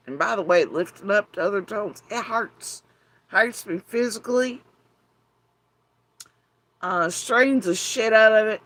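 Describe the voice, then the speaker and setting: A woman with a deep voice and an Appalachian accent, ranting to camera in a profane, sarcastic monologue. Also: a bit bright. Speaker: vlogger.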